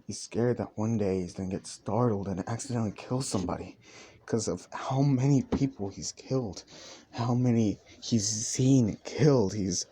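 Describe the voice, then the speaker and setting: A young man improvising and narrating a fan story in a rambling, hushed way. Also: on the low side, normal speed, slight background noise.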